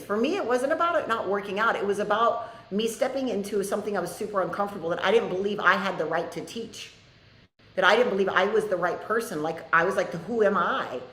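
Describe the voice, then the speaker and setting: A woman's voice: mid-range voice, fairly bright tone. A woman leads a live class, chatting candidly and telling stories in a conversational way. Her voice sits in a middle range. The sound has a roomy, echoey character. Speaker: spiritual teacher hosting an online class. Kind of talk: casual live class talk.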